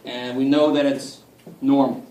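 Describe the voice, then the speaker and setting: A man gives a casual college math lecture in a medium-pitched, dark, level voice, speaking a little slowly. He's far from the mic in an echoey room picked up from afar, and he jokes, swears mildly and often calls on the class to help him out.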